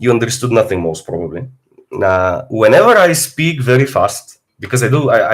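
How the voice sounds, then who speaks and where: A young man from Bulgaria with a Bulgarian accent, a fitness streamer talking casually on a live stream and swinging from low mutters to loud outbursts. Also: lively intonation, moderate pace.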